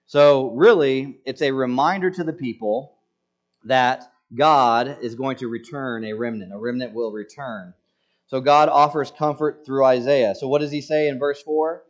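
Joking preacher man, muffled sound. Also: mid-range voice. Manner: conversational and joking, with dramatic quoted lines. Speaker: pastor. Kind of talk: sermon.

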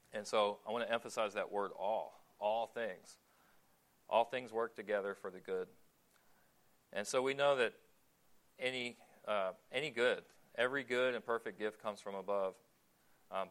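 Low-voiced man preaching a casual sermon. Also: a bit bright. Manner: conversational, with frequent fillers and rhetorical questions.

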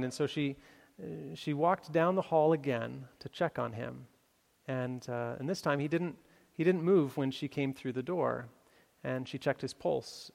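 Gravelly male pastor, halting storyteller with lots of restarts, preaching in a reverberant sanctuary. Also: medium pitch, a little mellow. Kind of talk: sermon with story illustration. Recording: long hall reverb.

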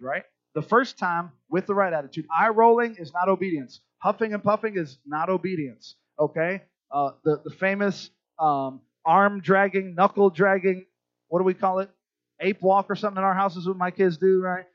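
A man's voice: high-pitched, moderate pace, no room sound. A middle-aged man preaching a sermon to a church crowd, chatty and conversational, often checking in with his listeners. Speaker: pastor. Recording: dull lo-fi dry sound.

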